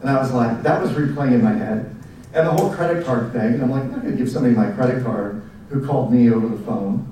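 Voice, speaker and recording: A man, giving a speech to educators as a presenter in a relaxed storytelling manner with fillers. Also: medium pitch, fast talker, a little hiss or hum. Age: 40s. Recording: echoey room, mic at a distance.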